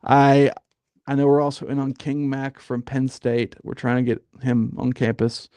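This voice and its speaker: A man talks sports on a casual podcast, rambling through fillers and then heating up with emphatic asides. His voice sits at an ordinary middle pitch. The sound is dry and close, with no room echo. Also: monotone, moderate pace, dark tone, smooth. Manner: rambling, frequent fillers, gets fired up. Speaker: podcast host.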